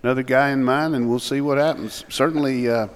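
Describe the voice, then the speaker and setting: A man's voice: mid-range voice, fairly even intonation, fairly quick, clear, resonant tone. Man, former coach turned analyst, folksy and teasing, casual sports talk, some reverb.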